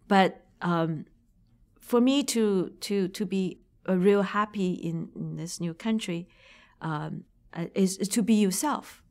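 A woman from China with a Chinese accent, speaking English as a second language and giving thoughtful, halting interview answers about her career as a marketing manager. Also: fairly low pitch. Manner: thoughtful, halting, searching for words.

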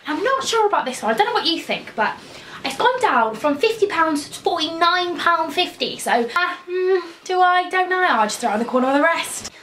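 A woman's voice: very high voice, very animated, a little fast, a bit bright, distant mic, slight background noise, pitched above the performer's own voice, heavily acted. A woman playing an indecisive female shopper at a till, rambling and second-guessing herself. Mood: dithering. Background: background music.

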